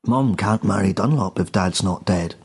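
A man's voice: fairly low pitch, normal speed, darkish tone, slightly rough. A man voicing Petey, a jittery brother in a comic story. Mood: anxious. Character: nervous younger brother Petey, clutching a fence post.

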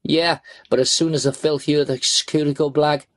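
A man's voice: a little high, fairly even intonation, fairly quick, no room sound, voice pushed up, lightly acted. A man voicing Raza, a menacing, snarling gangster.

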